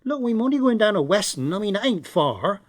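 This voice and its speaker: Man playing a pompous older West Country bloke, flowery, lively swooping voice, dry close sound. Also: sits high, a little fast, no echo, pitched above the performer's own voice. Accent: West Country English. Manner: grandiose and flowery.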